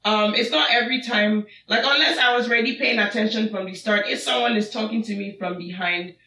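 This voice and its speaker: A man's voice: high voice, a little fast, slight background noise. A young Nigerian man with a Nigerian accent, telling stories of awkward moments as a podcast guest in casual chat. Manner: storytelling, animated retelling of awkward moments. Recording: roomy, mic at a distance.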